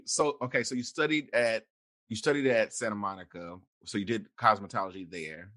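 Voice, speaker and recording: A man's voice: fairly low pitch, fairly quick, fairly bright tone, no room sound, clean studio sound. A man hosting a podcast, asking casual questions with a laugh and many restarts. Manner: curious, laughing, restarts his questions often. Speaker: podcast host. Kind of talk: casual interview chat.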